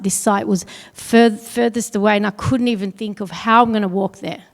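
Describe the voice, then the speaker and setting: A middle-aged woman telling a personal story on stage at an awards event, earnest and pausing heavily. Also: mid-range voice, fairly even intonation, gravelly. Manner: earnest, heavy pauses, quotes others in dialogue. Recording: long hall reverb.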